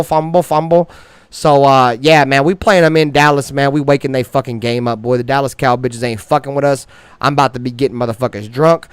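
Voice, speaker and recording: The recording is clean with no room sound as a man hosts a fan sports show. Full of swagger, he throws out slang-heavy, profanity-laden trash talk that grows loud and high-pitched when he's worked up.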